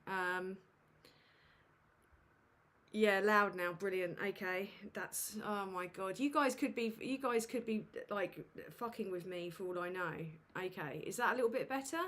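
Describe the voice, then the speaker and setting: A woman's voice: medium pitch, a little slow, a bit bright. A woman hosting a casual livestream from a home setup on a desk microphone. She talks in a flustered, self-mocking way, with many fillers and casual swearing. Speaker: livestream host. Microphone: USB desk microphone.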